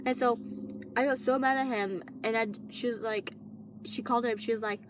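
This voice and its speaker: A woman's voice: a little high, unhurried, pauses often, background noise. A teenage girl casually telling a long personal story, rambling with lots of fillers and restarts. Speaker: vlogger.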